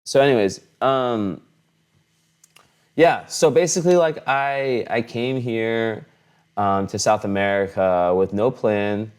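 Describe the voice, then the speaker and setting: In a room at home, a young man vlogs about astrology to a fixed camera, rambling and frequently restarting or using fillers. He speaks slowly in a lowish voice that is clear and resonant.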